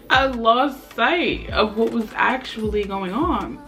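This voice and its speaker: A young woman, a vlogger telling a storytime tale with animated delivery and acted-out quotes. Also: fairly high pitch, drawn-out words, soft background music. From Brooklyn, New York. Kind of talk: storytime chat.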